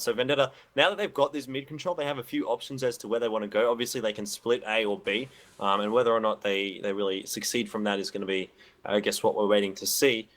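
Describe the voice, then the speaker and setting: A man calling an esports match play by play in a steady, measured way. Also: medium pitch. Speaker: esports caster. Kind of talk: play-by-play commentary.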